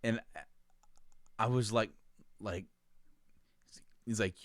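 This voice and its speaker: A man's voice: fairly low pitch, slow pace, long pauses, dry recording, clean studio sound. A man co-hosting a podcast, telling a story in casual chat, laughing as he goes and restarting his sentences. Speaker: podcast co-host.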